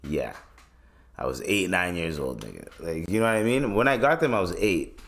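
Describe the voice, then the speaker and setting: A Canadian podcast host in his twenties chats loosely and rambles in a casual conversation, swearing plenty. His deep voice has lively intonation, vocal fry and a fairly bright tone, at a moderate pace.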